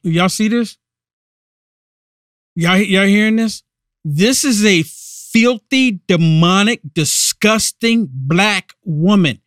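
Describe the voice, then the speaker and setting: High, bright-voiced indignant male host. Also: slow, long pauses, dry recording, studio quality. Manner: indignant, emphatic commentary. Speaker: podcast host. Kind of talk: political commentary podcast.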